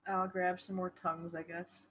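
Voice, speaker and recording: A woman player in a tabletop game, teasing the others with loud whoops and laughter. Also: lowish voice, little pitch movement, normal speed, a little hiss or hum. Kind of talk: casual tabletop game chat.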